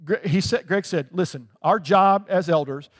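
A man with a high voice delivers a casual, conversational sermon, stopping often to check in with his listeners. The sound rings through a large hall with a long reverb tail, the way it would be picked up in a church sanctuary. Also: normal speed, slightly rough. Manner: conversational preaching with frequent "right?" asides. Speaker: pastor.

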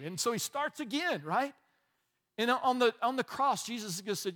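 A man's voice: very high voice, lively intonation, a little fast, fairly bright tone. A middle-aged man preaching a conversational sermon as a pastor, often chuckling and adding asides.

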